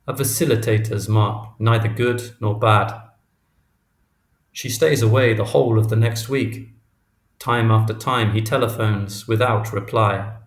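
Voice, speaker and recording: A man narrating a literary audiobook in a measured, even reading. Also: lowish voice. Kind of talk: scripted narration. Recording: roomy echo.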